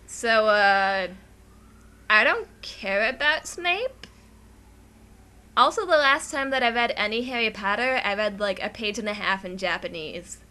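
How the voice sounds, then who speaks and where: A young woman co-hosting a let's play, chatting casually with dry, deadpan teasing. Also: mid-range voice, measured pace.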